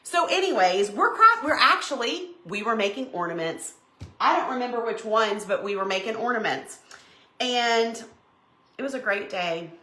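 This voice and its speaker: A woman's voice: a little high, normal speed, roomy sound. A middle-aged woman, chatting folksily as she crafts on a live stream and tells stories. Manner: animated, folksy, bursts into shrieks and laughter when retelling. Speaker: craft livestream host.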